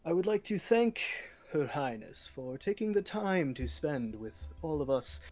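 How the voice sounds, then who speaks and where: A man voicing a tall, formal lord who gives a slow, ceremonious speech at a feast in a tabletop game. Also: a little high, very animated, darkish tone.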